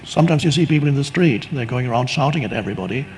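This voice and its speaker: A man giving a calm, unhurried spiritual teaching talk, reflective and often restarting his sentences. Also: mid-range voice, a little hiss or hum, poor audio.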